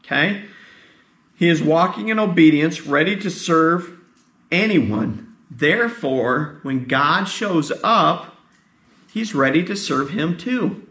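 Tired pastor with a gravelly voice. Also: male voice, fairly high pitch, expressive, takes it slowly, fairly bright tone, echoey room. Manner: conversational, asks the congregation questions. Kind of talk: sermon.

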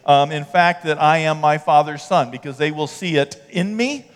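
Man, pastor, preaching, quoted voices and emphatic peaks, high pitch, lingering reverb. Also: moderate pace. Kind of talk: sermon. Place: church sanctuary.

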